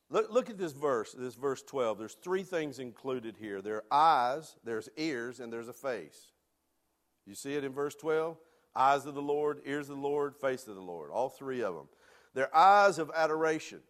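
Man, pastor, sermon, animated, fairly high voice, asks the congregation questions. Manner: animated, rising to emphatic peaks and dropping to soft asides.

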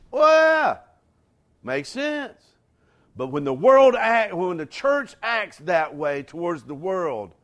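A man preaching a sermon, talking straight to his congregation with conversational asides and building to forceful emphatic lines. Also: fairly high pitch. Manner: rising to emphatic near-shouts on key lines. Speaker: pastor.

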